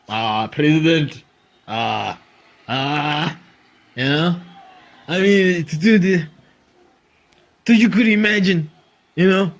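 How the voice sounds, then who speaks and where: A man with a high-pitched, somewhat bright voice hosts a comedy podcast, delivering a comedic monologue. He riffs animatedly, swears freely, and laughs often.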